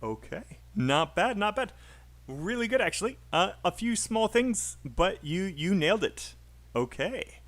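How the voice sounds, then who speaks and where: A man's voice: sits high, big pitch swings, unhurried, a bit bright. Encouraging British male English teacher. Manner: encouraging, coaching, filler-heavy. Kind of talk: online speaking class over voice chat.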